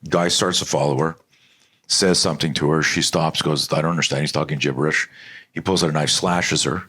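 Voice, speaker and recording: A middle-aged man from Canada with a remarkably deep voice. His tone is husky and a little rough. He tells his story animatedly and bluntly, swearing now and then as a podcast guest. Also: fairly even intonation, a little fast, bright, forceful tone. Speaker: podcast guest, self-defense instructor. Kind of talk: storytelling in a conversational interview.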